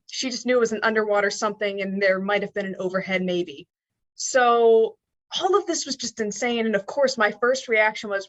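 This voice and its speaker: A young woman from the US Northeast, a podcast guest telling a story in an animated way and acting out the quoted dialogue. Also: mid-range voice, normal speed. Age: young adult. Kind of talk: storytelling in an interview.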